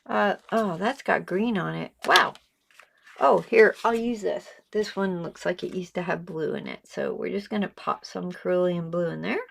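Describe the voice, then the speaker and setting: A woman's voice: fairly low pitch, normal speed, vocal fry. A woman with a slight lisp hosting a casual painting tutorial, chatty and encouraging, laughing often and swearing freely. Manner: chatty, giggly, salty, encouraging. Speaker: art channel host.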